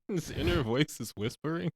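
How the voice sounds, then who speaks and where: A man's voice: mid-range voice, husky, no room sound, studio quality. A man co-hosting a casual movie review podcast, joking and acting out movie lines. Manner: jokey, acts out movie lines with laughs. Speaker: podcast co-host.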